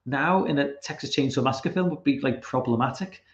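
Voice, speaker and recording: A young livestream host with a brisk, medium-pitched voice rambles through his chat, swearing often and restarting sentences. The recording sounds roomy, dull, and low-fidelity.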